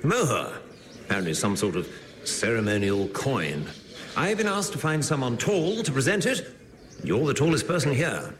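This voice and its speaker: An actor playing a stiff, formal British official in colonial India who speaks with an upper-class British accent. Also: male voice, mid-range voice, big pitch swings, moderate pace, a little hiss or hum, close to an everyday voice. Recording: film clip with long reverb and faint ambience.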